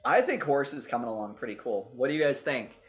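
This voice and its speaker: A man's voice: mid-range voice, very animated, quick pace, soft background music. A man hosting a livestream, chatting casually and thinking aloud with a jokey, self-mocking manner as he shows off a character builder. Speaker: host demonstrating a character builder.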